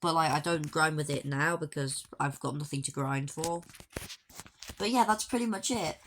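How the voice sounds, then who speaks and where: Woman, casual game walkthrough narrator, low voice, dry offhand humour. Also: normal speed, slight background noise. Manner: dry, offhand joking asides. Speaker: gaming video creator.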